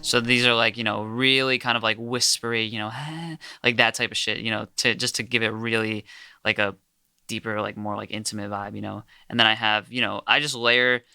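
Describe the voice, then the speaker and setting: A man's voice: fairly low pitch, little pitch movement, a little fast, bright, forceful tone, clean tone, no room sound. A young man casually walking through how he produced a song, with lots of filler words. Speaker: music producer. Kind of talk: casual studio walkthrough.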